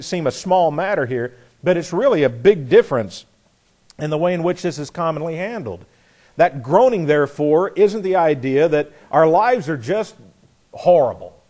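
An earnest man delivering a sermon with a slightly higher than average voice. He presses his points emphatically, asks rhetorical questions and often restarts his phrases as he works through the passage. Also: darkish tone. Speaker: preacher.

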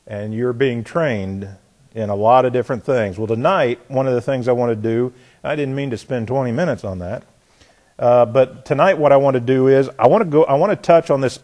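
A man's voice: mid-range voice, darkish tone. A man teaching a bible class in a conversational way, trailing off and restarting his sentences with frequent asides.

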